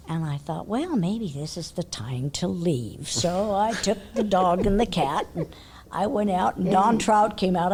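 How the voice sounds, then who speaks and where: An older woman from California, a horse trainer, telling a long story in a chatty way, laughing often and dropping to a hush for her inner thoughts. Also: lowish voice, slight background noise. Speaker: interview guest, horse trainer. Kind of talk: casual storytelling.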